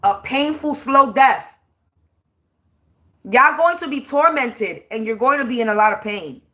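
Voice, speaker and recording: A high-pitched woman doing a livestream rant as a spiritual reader. She talks at an unhurried, drawn-out pace, stretching words for emphasis. Her delivery is blunt, preachy and full of swearing. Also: lively intonation, sharp tone.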